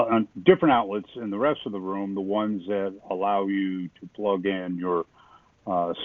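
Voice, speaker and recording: A man's voice: mid-range voice, dry recording. Man walking through a DIY wiring job, folksy and self-mocking, on dry, tinny phone-like audio. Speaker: home remodeling host. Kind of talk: casual how-to narration.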